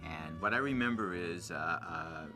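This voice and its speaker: A man's voice: deep voice, unhurried. A male actor giving a reflective interview, with frequent hesitations. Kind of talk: interview recollection. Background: music.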